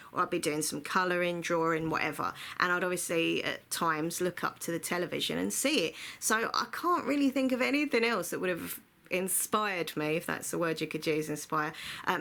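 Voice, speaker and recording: A woman's voice: lowish voice, vocal fry, sharp tone. A woman telling a rambling, chatty storytime to her vlog audience, full of filler words. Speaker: vlogger. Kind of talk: casual storytime monologue.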